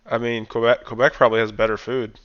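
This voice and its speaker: A man's voice: medium pitch, flat delivery, quick pace, no room sound, muffled recording. A man hosting a livestream, chatting and joking before a meeting starts. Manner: upbeat, laughing banter. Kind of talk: casual livestream chat.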